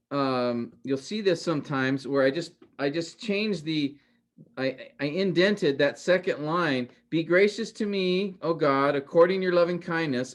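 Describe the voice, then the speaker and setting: A man teaching a Bible class in a recorded lecture, explaining step by step and asking rhetorical questions. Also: fairly high pitch. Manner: explanatory, addresses class as guys and men; repeats points with rhetorical questions.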